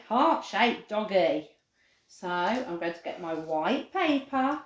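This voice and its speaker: A woman with a high-sitting voice hosts a live craft lesson for children in a roomy-sounding space. Cheerful and chatty, she livens things up by barking like a dog every so often.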